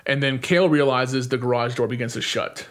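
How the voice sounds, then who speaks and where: A young man recaps a movie plot in an easygoing podcast chat. His voice sits at an ordinary middle pitch, and he talks in a loose, animated way, full of "like" and "um". He keeps slipping into quick acted-out snippets of dialogue. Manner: animated retelling with frequent "like" fillers and quick acted-out lines. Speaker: podcast co-host.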